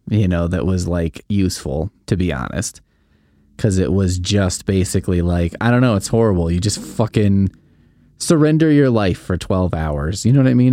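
A man with a low, mellow voice rambles through a casual monologue, swearing freely and poking fun at himself. His pitch swings widely as he tells stories, recorded close and dry with no room sound. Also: no room sound. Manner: rambling, profane, self-deprecating, animated storytelling. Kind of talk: casual monologue, podcast-style.

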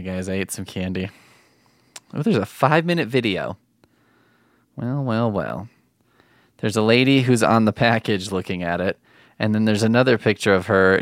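A man's voice: on the low side, vocal fry, dry recording, studio quality. A man hosting a reaction video, mocking and incredulous as he comments. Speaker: host reacting to online videos.

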